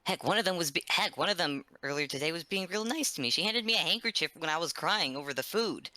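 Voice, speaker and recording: A man's voice: a little high, animated, quick pace, pushed and bright, no echo. A man voicing his character in a tabletop role-play, rambling and earnest with frequent restarts. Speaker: player.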